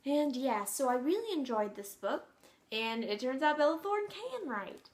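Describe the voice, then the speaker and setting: A woman's voice: sits high, very animated, a little slow. A teenage girl chatting casually about her new books, bubbly and gushing, rambling with lots of fillers. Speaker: book vlogger. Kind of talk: casual book haul chat.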